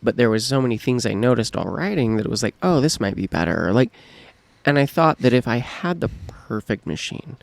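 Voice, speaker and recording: A man's voice: mid-range voice, animated, fairly quick, vocal fry, no echo. A man in a casual podcast chat, mulling things over in a laid-back way, with lots of fillers.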